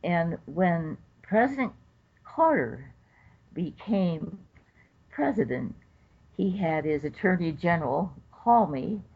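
Speaking slowly in a lowish voice with a breathy edge, an older woman, a federal judge, relates stories during an interview. She brings them to life by acting out what people said, though the recording itself is dull and lo-fi.

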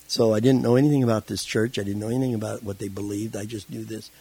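A man being interviewed who tells his life story in a casual, animated way and acts out the voices in it. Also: lowish voice, fast talker, few pauses, slightly rough, low-quality recording. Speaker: interview guest.

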